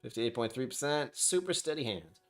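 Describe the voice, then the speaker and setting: A man's voice: medium pitch, animated, moderate pace. A man hosting a casual whiskey tasting vlog, rambling and self-deprecating as he thinks aloud about what he smells and tastes. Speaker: whiskey reviewer.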